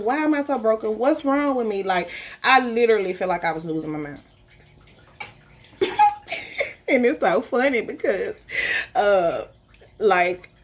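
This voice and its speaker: A woman sharing a personal story in a casual, emotional way, laughing often and speaking directly to her listeners. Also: medium pitch.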